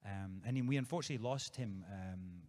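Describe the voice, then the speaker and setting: A low-voiced Scottish man talks in an easygoing, playful way, wandering through his answers with plenty of ums and restarts. It's a live stage Q&A, and his voice trails a long reverb through the hall. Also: fairly quick, darkish tone. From Scotland. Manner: easygoing and playful, rambling with many fillers and restarts. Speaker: guest author at a live book event. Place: theatre stage before an audience.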